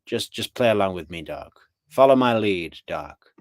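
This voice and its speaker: A man's voice: fairly low pitch, lively intonation, moderate pace, no echo, clean studio sound, close to an everyday voice. A man mocking a whiny young faker. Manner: mocking, sarcastic impression.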